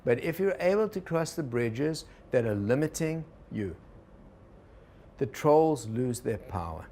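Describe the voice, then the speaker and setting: A man's voice: mid-range voice, sing-song, unhurried, mellow. A man teaches a workshop in a mid-range voice, retelling a fable and slipping into quoted inner voices as he goes. He keeps checking in with his listeners through questions. A faint hiss of background noise sits under the recording. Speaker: organizational consultant teaching a workshop. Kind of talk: workshop lecture.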